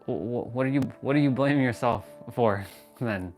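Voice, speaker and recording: A man's voice: medium pitch, moderate pace, darkish tone, soft background music. A man hosting a fitness livestream, talking casually and frankly about feelings and self-growth, with swearing and many restarts.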